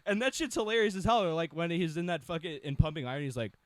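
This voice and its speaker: A man's voice: a little high, lively intonation, fast talker, dry recording. A man on a comedy podcast, bantering and joking with a profane edge. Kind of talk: casual banter.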